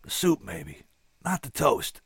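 A man voicing a starved, hoarse, despairing young woman in a storybook reading. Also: sits low, big pitch swings, slow pace, no room sound, clean studio sound, pitched above the performer's own voice, heavily acted. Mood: weak, demanding.

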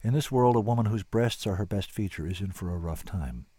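A man's voice: fairly low pitch, brisk, warm tone, dry recording. A man giving dry, wry first-person scripted narration as an audiobook narrator.

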